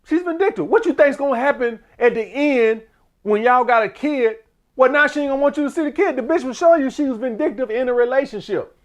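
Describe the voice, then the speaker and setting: A man's voice: extremely high pitch, fast. A man ranting in a loose, profane monologue as a dating advice commentator, often repeating himself.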